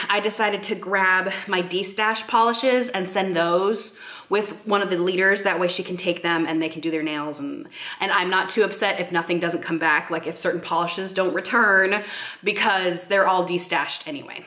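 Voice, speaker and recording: A woman's voice: mid-range voice, fairly bright tone. Young pregnant woman, vlogger, talkative and giggly, mid-range voice. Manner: chatty, laughs often, many "like" fillers. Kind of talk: casual vlog chat.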